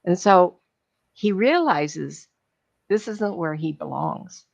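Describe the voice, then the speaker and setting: A woman's voice: fairly low pitch, lively intonation, takes it slowly, vocal fry, muffled recording. A middle-aged woman, a psychic medium, retelling a film in an enthusiastic, rambling way with many fillers.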